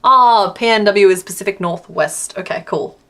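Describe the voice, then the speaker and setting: An Australian woman talks casually through a live stream as she crochets. She reads out comments from her chat and answers them in an easy, chatty way, laughing often. Her voice sits at a middle pitch. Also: normal speed, a bit bright.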